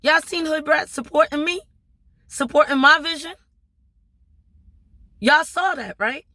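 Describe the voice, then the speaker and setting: A woman with a Maryland accent speaks to her viewers in a bright, fairly high voice. She talks in a passionate, preachy way, stacking up rhetorical questions. The sound is dry and close, with no room echo. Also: unhurried. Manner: preachy, emphatic, repeating rhetorical questions with "right?". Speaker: small business owner and vlogger. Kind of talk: impassioned motivational talk to viewers.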